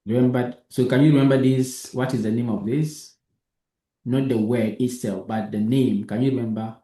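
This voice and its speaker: A man's voice: mid-range voice, fairly even intonation, moderate pace, mellow, echoey room. A man teaching a live coding lesson, patient, who keeps asking if his student understands. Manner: patient, repeats himself and checks understanding.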